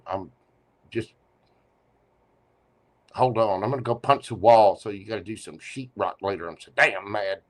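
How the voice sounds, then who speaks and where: A man's voice: on the low side, moderate pace, long pauses, voice pushed down, natural voice. A man voicing a sulking, angry lover who mutters that he is mad and grumbles petulantly.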